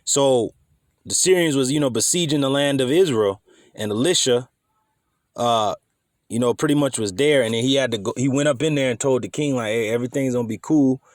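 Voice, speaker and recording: A man's voice: mid-range voice, normal speed, no room sound. Dry, close-miked man teaching scripture. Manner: emphatic, conversational, swears casually. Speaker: bible teacher.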